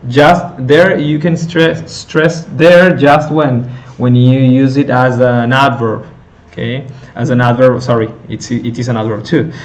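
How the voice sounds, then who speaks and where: A male teacher slowly explaining a lesson step by step, with many fillers and self-corrections. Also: mid-range voice, level tone. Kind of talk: recorded lecture on intonation.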